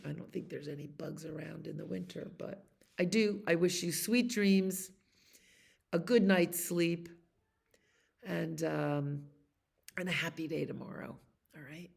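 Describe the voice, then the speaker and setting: Woman, storytime librarian, soft and soothing, unhurried, slightly low, gravelly edge. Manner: gentle, slow and soothing. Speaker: children's librarian. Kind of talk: bedtime story reading for children.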